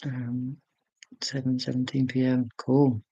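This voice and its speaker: A man's voice: medium pitch, completely flat delivery, slow pace, warm tone, no room sound, dull audio. A man in his forties hosting a casual live stream. He rambles chattily, answering viewer comments with fillers and self-corrections. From United Kingdom.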